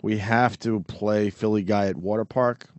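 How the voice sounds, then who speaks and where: A man's voice: fairly low pitch, fairly even intonation, normal speed, darkish tone, no room sound. A man hosting a radio show, playfully introducing a listener's clip. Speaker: radio host. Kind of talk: casual radio chat.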